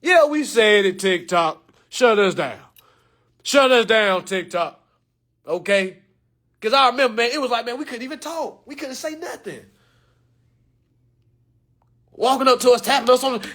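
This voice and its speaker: A man ranting to camera in an animated, joking way, loud and slangy, calling out to his viewers. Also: very high voice, moderate pace, long pauses.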